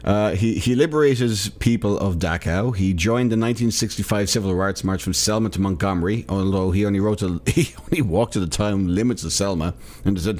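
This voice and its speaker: A man's voice: fairly low pitch, brisk, darkish tone. A tired man hosting a solo comedy podcast, riffing sarcastically on a news article and laughing at his own jokes. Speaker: podcast host.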